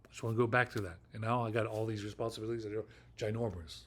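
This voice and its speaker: A man's voice: fairly low pitch, steady tone, very fast, fairly bright tone. Ranting middle-aged man rambling solo. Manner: ranting, profane and repetitive, with restarts. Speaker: vlogger.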